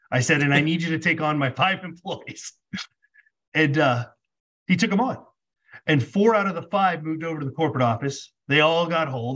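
A man with a slightly high, slightly rough voice is a podcast guest telling a personal story casually. He animatedly acts out both sides of conversations, saying "like" a lot.

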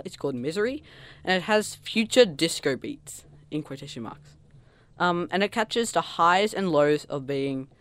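A podcast co-host in casual chat, talking fast and bursting into loud mock quotes. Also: mid-range voice. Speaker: podcast co-host reviewing an album.

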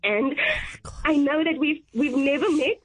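A woman's voice: sits high, measured pace, poor audio. A young woman, a journalist, calling in to a radio show, tearful and gushing with praise. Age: young adult. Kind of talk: emotional radio call-in.

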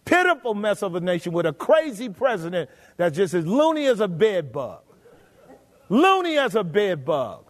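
High-voiced emphatic preacher. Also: male voice, big pitch swings, moderate pace. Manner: emphatic, rhetorical questions to the congregation. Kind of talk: sermon. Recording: long hall reverb.

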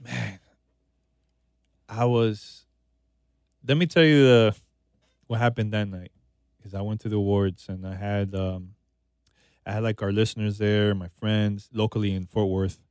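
Relaxed man telling stories, dry close sound. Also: fairly low pitch, a little slow, long pauses, smooth, no room sound. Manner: relaxed, says "man" and "you know" often. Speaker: podcast host being interviewed. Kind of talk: casual conversational storytelling.

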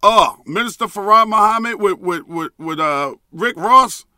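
Animated, bright-voiced man ranting. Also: high-pitched, moderate pace, no echo, studio quality. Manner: profane, emphatic ranting; repeats a catchphrase. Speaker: podcast host. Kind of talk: solo podcast rant.

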